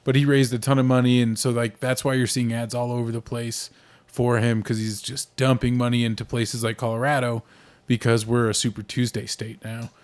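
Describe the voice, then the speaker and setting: A young American man co-hosting a casual podcast speaks fairly quickly in a level, medium-pitched voice. He rambles about politics and movies, leaning on "like" and "uh" and restarting his thoughts partway through.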